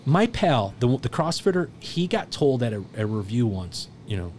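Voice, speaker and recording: A man's voice: mid-range voice, big pitch swings, normal speed, a little mellow, a little hiss or hum. A man in casual podcast chat, telling rambling, profane stories and acting out quoted voices.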